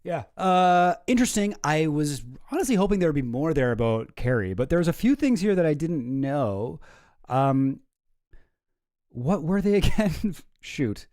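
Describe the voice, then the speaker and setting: A man's voice: on the high side, very animated, a little slow, darkish tone, no echo, studio quality. A man hosting a stream, giving casual, sardonic, rambling reaction commentary. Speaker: streamer host.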